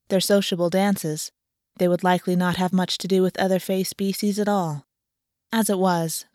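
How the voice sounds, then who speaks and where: Woman narrator, calm and even, mid pitch, dry close recording. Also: no echo. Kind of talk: audiobook narration.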